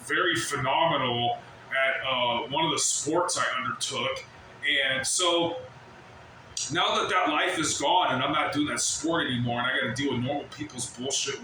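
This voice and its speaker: A man ranting casually to the camera at work, rambling and swearing as he mimics other people's shouts. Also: medium pitch, measured pace, distant mic, background noise. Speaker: vlogger. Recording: very echoey, from off the mic.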